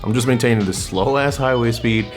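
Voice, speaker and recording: A man's voice: mid-range voice, fairly quick. A young man telling stories in a blunt, slangy rant, swearing constantly. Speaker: vlogger. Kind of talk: casual profane rant, storytelling. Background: music.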